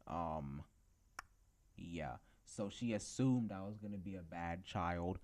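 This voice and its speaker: A teenage boy with a notably low voice tells school stories in a loose, rambling podcast rant. He talks casually and fills the gaps with ums and likes. He sounds unpolished and chatty. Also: slow, a little mellow. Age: teens. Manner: rambling storytelling with many fillers. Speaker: podcast host.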